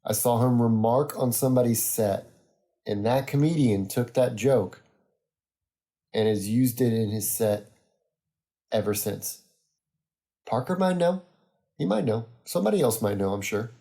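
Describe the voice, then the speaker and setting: Mellow-voiced man hosting a casual podcast. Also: mid-range voice, a little slow, pauses often. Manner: rambling, easygoing, many ums and uhs. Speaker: podcast host. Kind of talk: casual solo podcast monologue.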